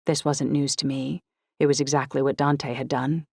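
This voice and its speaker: A woman narrating a novel in the first person, with an even, steady reading. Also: extremely low pitch, normal speed, creaky, breathy edge, no echo. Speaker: audiobook narrator. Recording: dry close studio audiobook.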